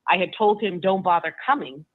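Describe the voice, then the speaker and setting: A woman guest, fairly low-pitched, tells a personal story with emotion, faltering and repeating words as she goes. Her voice is dry, echo-free, and squeezed into a narrow, tinny, phone-like line.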